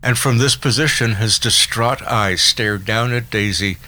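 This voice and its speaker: A man reading a novel aloud as an audiobook narrator, in a measured, literary first-person style. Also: fairly low pitch, sharp tone, low-quality recording. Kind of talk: scripted narration.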